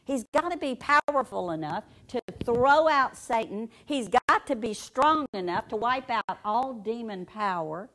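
A woman preaching a sermon and teaching from the Bible, dramatic and emphatic, with heavy pauses and repetition, and she puts questions straight to her listeners. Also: a little high, lively intonation, fairly bright tone. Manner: asks the audience direct questions.

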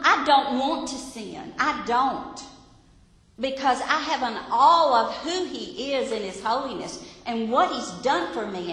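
A woman's voice: high-pitched, fairly bright tone. A woman gives a Bible lesson in an earnest, exhorting, conversational way, as a Sunday school teacher. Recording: echoey hall with room reverb.

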